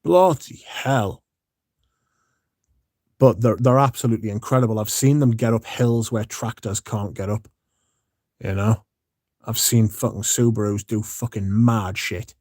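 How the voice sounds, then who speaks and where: A man's voice: lowish voice, flat delivery, normal speed, a little mellow, no room sound, clean studio sound. A man hosting a casual livestream, sleepy and yawning, rambling and swearing as he chats to his viewers. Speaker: livestream host.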